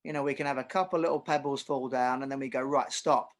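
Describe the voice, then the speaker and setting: A middle-aged man, a tennis coach talking casually on a podcast and telling animated examples. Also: medium pitch, fast talker. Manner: animated storyteller, uses acted examples.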